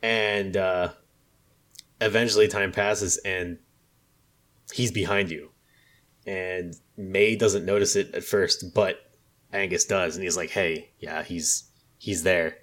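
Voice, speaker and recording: Man, very low voice, rambling, lots of fillers, casual game talk. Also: fairly even intonation, takes it slowly, long pauses, fairly bright tone. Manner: rambling, filler-heavy storytelling with quoted dialogue. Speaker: podcast co-host discussing a video game. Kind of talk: casual chat.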